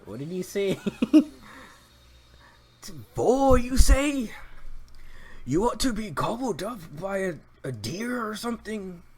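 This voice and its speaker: A woman's voice: mid-range voice, sing-song, moderate pace, a little mellow, breathy edge. A woman hosting a gaming video, giving joking, profane let's-play commentary and laughing often.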